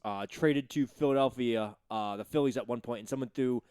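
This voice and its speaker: Brief: sports-radio co-host, profane, fired-up ranter, dry studio sound. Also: male voice, mid-range voice, fairly quick, a little mellow, clean tone, no echo. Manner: heated, profane ranting with mocking impressions. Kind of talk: casual sports radio chat.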